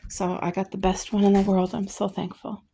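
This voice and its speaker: A woman's voice: medium pitch, level tone, fairly quick, vocal fry, warm tone, husky. Chatty, gushing woman vlogger. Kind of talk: casual chat to camera. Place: garden outdoors.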